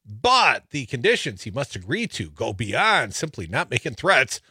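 A bright, lively male talk radio host with a faintly husky tone. He reads court documents with sarcastic jabs and swings his pitch widely. The sound is close and dry. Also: normal speed, no echo. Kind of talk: casual political talk radio.

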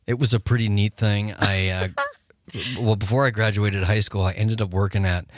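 A man's voice: fairly low pitch, steady tone, normal speed, dry recording. A man chatting as a guest on a radio show, rambling and laughing often. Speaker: musician guest. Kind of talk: casual radio interview.

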